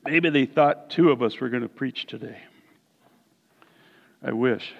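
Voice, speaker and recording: A man's voice: mid-range voice, a little slow, vocal fry. A man preaching a sermon to his congregation, telling a playful story and asking the crowd questions. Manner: playful, animated, talks to the congregation. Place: church sanctuary. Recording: distant hall echo, dull sound.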